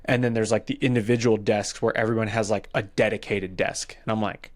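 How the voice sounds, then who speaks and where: A man's voice: medium pitch, moderate pace. A man co-hosting a podcast, casually telling a funny story and quoting the people in it. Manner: animated retelling, quoting people in his story. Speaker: podcast co-host.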